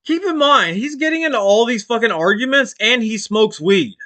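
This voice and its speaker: A man hosting a stream, giving loud, mocking reaction commentary full of swearing. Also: very high-pitched, expressive, moderate pace. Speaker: stream host.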